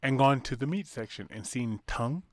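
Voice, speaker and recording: A man's voice: mid-range voice, fairly quick, no room sound, clean studio sound. A middle-aged man co-hosting a podcast, telling stories in profane casual banter and acting out what others said. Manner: animated storyteller, swears constantly, acts out quotes. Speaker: podcast co-host.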